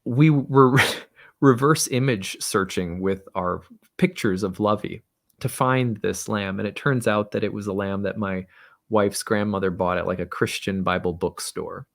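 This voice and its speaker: Gravelly-voiced man telling a reflective story. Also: on the low side, fairly bright tone. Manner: halting, reflective. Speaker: astrologer host. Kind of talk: personal storytelling monologue.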